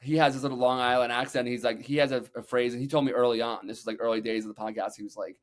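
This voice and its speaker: A man guest on a podcast, telling energetic stories with loose swearing and many "like"s. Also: medium pitch. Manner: energetic, acts out quotes, talks fast with many "like"s. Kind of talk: animated storytelling, casual swearing.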